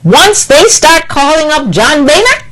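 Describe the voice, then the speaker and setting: A woman's voice: sits high, sing-song, a little slow, a bit bright, poor audio. A woman delivering an impassioned political monologue, indignant and scolding, with emphatic repetition. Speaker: political commentator.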